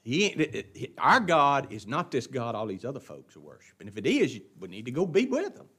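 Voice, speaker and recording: A man's voice: medium pitch, wildly swooping pitch, brisk, a bit bright, husky. A man teaching an adult Bible class verse by verse, in a folksy, emphatic preaching manner that repeats words for stress.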